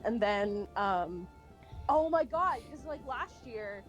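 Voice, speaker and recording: Woman streamer, casual chat, rambling, animated, swears a bit, fairly high voice. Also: slow pace, soft background music. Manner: rambling, with many fillers and restarts. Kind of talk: casual chat while drawing.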